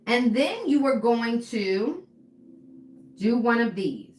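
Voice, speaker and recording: A woman's voice: a little high, sing-song, takes it slowly, darkish tone, echoey room, a little hiss or hum. A woman mindset coach teaching her viewers in a live stream, casual and full of "okay" and "right". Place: room with a whiteboard.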